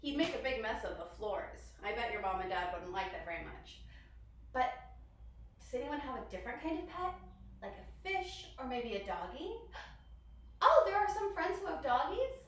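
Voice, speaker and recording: At a moderate pace, with a fairly high, expressive voice, a young woman runs a guided yoga session for kids, upbeat and supportive, with animal sounds sprinkled in. The room is very echoey and she sounds far off.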